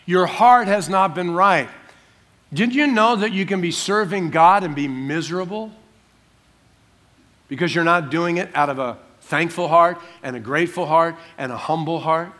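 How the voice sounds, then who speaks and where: An older man, a pastor, preaching a sermon in an animated way, acting out quotes with jokey asides. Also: a little high, moderate pace.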